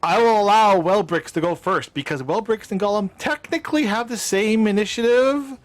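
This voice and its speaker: A man running a tabletop game as game master, telling the scene in a playful, animated way. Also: high-pitched, moderate pace.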